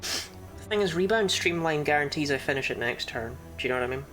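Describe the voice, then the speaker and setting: A woman's voice: low voice, lively intonation, fairly quick, a bit bright, faint music behind. A woman with a New Zealand accent, thinking aloud and swearing casually as she streams a card game. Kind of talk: casual gaming commentary.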